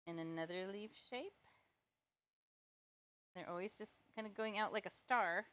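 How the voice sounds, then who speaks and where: A woman's voice: mid-range voice, a little slow, a bit bright, dry recording. A woman giving a step-by-step painting tutorial, chatty, playful and self-deprecating as she works. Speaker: painting instructor. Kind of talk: step-by-step live art tutorial.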